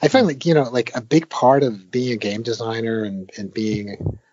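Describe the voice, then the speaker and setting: An older man, a game designer, talking casually in an interview, rambling with lots of fillers and animated retellings. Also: mid-range voice, normal speed, muffled recording, slight background noise. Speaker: veteran arcade game designer, guest.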